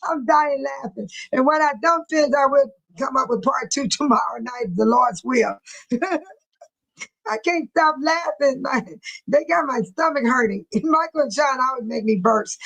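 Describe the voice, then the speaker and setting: A woman's voice: high voice, gravelly, fairly bright tone, breathy edge, low-quality recording. A woman hosting a live chat, reading viewer comments aloud and often breaking into laughter, speaking in a folksy, churchy way. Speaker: livestream host.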